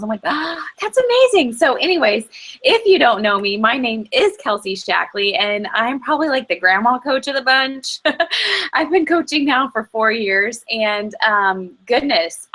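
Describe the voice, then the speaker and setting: A woman's voice: on the high side, pushed and bright. A woman coach chatting casually on a live group call in a bubbly, gushing way.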